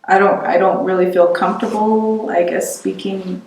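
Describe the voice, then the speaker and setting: A middle-aged woman giving an oral history interview, reflective and halting, often restarting her sentences. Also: mid-range voice, fairly even intonation, a little mellow. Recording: roomy, distant mic.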